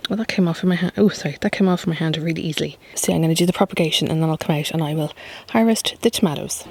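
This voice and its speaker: A woman talks to camera from her back garden in a relaxed, wandering way. Her voice sits low, and she fills her chat with "like" and "um". Faint outdoor noise hums behind her. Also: racing, rough recording. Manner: chatty, rambling, with many fillers. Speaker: gardening vlogger.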